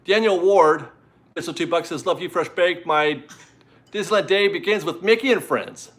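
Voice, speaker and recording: A man's voice: a little high, expressive, a little fast, a bit bright. Rambling, chatty man hosting a live stream. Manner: chatty and rambling, easily amused. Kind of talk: casual live-stream chat reading viewer donations.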